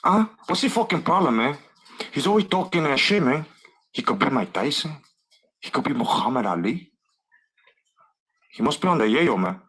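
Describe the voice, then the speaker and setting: A man's voice: fairly high pitch, lively intonation, normal speed, long pauses, a bit bright, breathy edge, voice pushed up. A man doing a comedic impression of a cocky movie gangster, swaggering and tacking 'man' onto every phrase. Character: film gangster, cocky tough man with a cigar.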